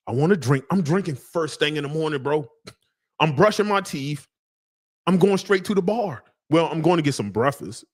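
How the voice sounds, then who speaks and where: Slangy, joking man reviewing fragrances. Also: on the high side. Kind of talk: casual live review.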